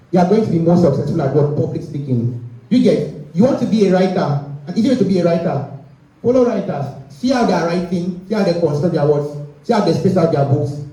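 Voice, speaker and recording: A man's voice: high voice, animated, fairly quick, dark tone. A young man gives a motivational talk to an audience, often checking in with them. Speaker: guest speaker. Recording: echoey room, speaker far from the mic.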